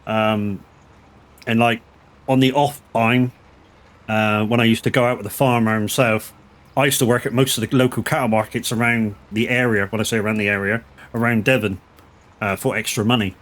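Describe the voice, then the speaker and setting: A middle-aged streamer swears freely while telling rambling anecdotes during a farming game stream. His voice is lowish and fairly bright, with fairly even intonation at normal speed.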